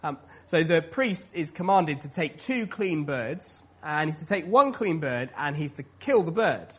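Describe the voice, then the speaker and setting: A man's voice: a little high, expressive, a little slow, a bit bright, breathy edge. A man preaching a sermon in an earnest, conversational way, with many fillers. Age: adult, past his teens.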